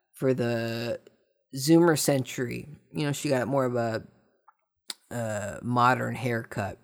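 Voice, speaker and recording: An American man giving casual commentary on video game news, rambling and trailing off mid-sentence, with dry sarcastic asides. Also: mid-range voice. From United States. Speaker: host.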